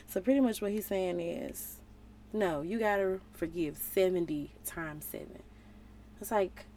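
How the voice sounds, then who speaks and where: Warm-voiced woman in playful Bible chat. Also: on the low side, a little hiss or hum. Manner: playful, slangy and animated. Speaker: relationship vlogger. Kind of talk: casual Bible study talk.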